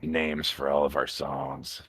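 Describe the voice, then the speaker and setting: A man playing a tabletop game, talking in a casual, deadpan way. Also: extremely low pitch, takes it slowly, husky, no echo. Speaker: player. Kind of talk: in-character tabletop chat.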